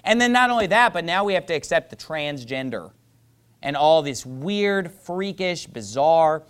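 Fiery, lively-voiced male preacher. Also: fairly high pitch, normal speed, clean tone. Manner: emphatic, mocking preaching with rising fervor. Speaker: pastor. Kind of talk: sermon.

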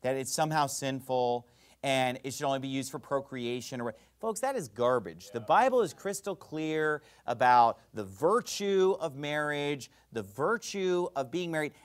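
A man preaching a sermon as pastor, fiery and emphatic, swinging between loud bursts and quiet asides. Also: fairly high pitch, lively intonation, moderate pace.

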